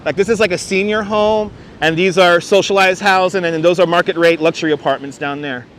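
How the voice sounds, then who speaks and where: On a beach outdoors, a man hosts a casual livestream through a clip-on wireless mic, with faint wind and surf noise behind him. His voice sits high, fairly even in intonation, brisk and fairly bright. He reads out viewer comments, joking dryly and wryly with mock-announcer asides.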